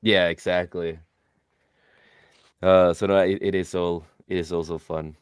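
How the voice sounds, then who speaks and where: A man with a very low, smooth voice chatting casually as a co-host. He tells animated stories, swears freely and laughs often. The sound is dry and close. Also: unhurried, no echo. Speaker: podcast co-host. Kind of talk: casual chat.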